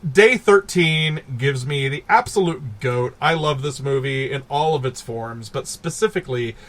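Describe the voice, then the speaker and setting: A man co-hosting a casual podcast, animated and laughing as he recaps films and acts out characters. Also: mid-range voice, moderate pace. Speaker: podcast co-host. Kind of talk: casual chat.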